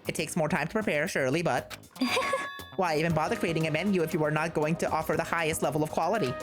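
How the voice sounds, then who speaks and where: A woman's voice: sits low, quick pace, natural voice. A woman voicing a haughty gothic young woman with a put-on posh European-sounding accent, speaking primly and lecturing. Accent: put-on vaguely European posh accent. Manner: prim, lecturing, imperious. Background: game music.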